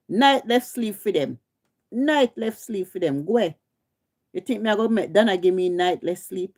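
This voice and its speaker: Her voice lowish and darkish in tone, a middle-aged woman with a Jamaican accent hosts a livestream. She delivers a heated, repetitive rant, scolding and confrontational throughout.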